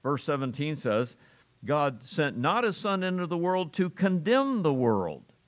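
A man's voice: a little high, big pitch swings, measured pace. A man preaching an earnest sermon, stressing repeated phrases and now and then chuckling as he speaks. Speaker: pastor.

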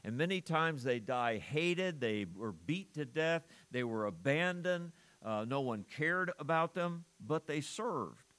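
A man's voice: a little high, very animated, slow pace, few pauses, fairly bright tone. Man preaching an earnest sermon. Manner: earnest preaching with rhetorical questions and frequent restarts. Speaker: pastor.

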